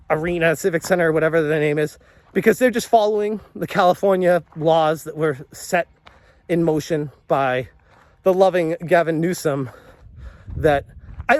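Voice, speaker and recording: A man's voice: fairly high pitch, no room sound. A man telling a story as a vlogger, exasperated and rambling, often restarting his sentences. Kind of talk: storytelling commentary.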